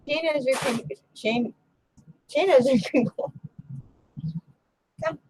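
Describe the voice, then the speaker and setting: A woman's voice: mid-range voice, animated, a little slow, slight background noise, low-quality recording. A woman streamer chatting on a voice call, swearing freely and cooing baby talk at her cat. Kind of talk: casual chat on voice call.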